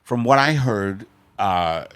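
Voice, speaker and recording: Slow, animated comedian host. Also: male voice, lowish voice, clean tone. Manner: rambling, absurdist, animated. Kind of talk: casual comedic chat. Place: apartment.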